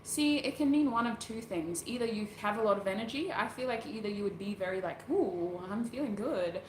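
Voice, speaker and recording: A woman's voice: on the high side, fast. A woman hosting a casual livestream, rambling as she answers viewer comments and laughing often. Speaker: tarot reader, channel host. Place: at home doing makeup. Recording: roomy echo, faint background noise.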